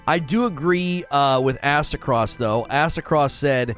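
A man's voice: on the high side, a little slow, fairly bright tone, soft background music. A man hosting a casual gaming live stream, talking in a rambling way and often repeating himself.

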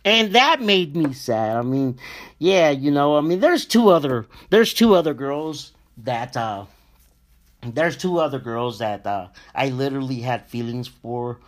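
A young man hosting a show, telling a personal story in a slow, emotional, profane way and often calling out to his listeners. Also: medium pitch, animated. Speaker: podcast host.

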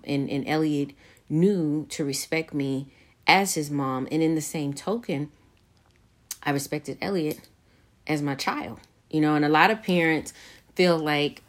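A middle-aged woman hosting a casual podcast with her son, talking in a measured, reflective way with fillers and restarts. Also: low-pitched. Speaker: podcast host.

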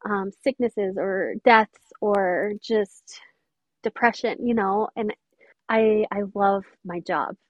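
A woman's voice: medium pitch, slow, no echo, dull audio. A woman mentor talking earnestly and emphatically in an interview. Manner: earnest, emphatic, quotes others often. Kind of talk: interview conversation.

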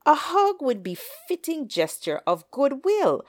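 A woman voicing a sly, smooth-talking male trickster coyote who wheedles and coaxes excitably. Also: high voice, slow, no room sound, clean studio sound, voice pushed up, exaggerated voice. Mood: wheedling.

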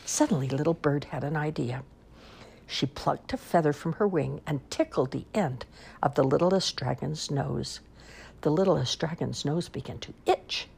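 A woman reading children's picture books aloud in an expressive, sing-song storytelling manner. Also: sits low, normal speed, gravelly, husky.

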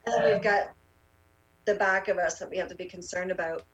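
A woman, a rally organizer, tells her story in a casual interview, halting often with fillers and restarts. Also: lowish voice, fairly even intonation, far from the mic, low-quality recording. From Canada.

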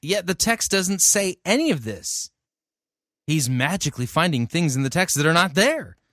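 A man's voice: on the high side, big pitch swings, moderate pace, fairly bright tone, no room sound, clean studio sound. A man reviewing a sermon, reading scripture aloud and answering the preacher with sarcastic, exasperated remarks. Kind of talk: critical commentary.

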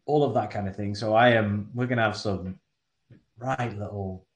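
Manc guy in his 30s, bit low voiced, laughy banter, echoey room. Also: moderate pace. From England. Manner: jokey, laughs often, trails off. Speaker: podcast co-host. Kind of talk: casual chat. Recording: roomy echo.

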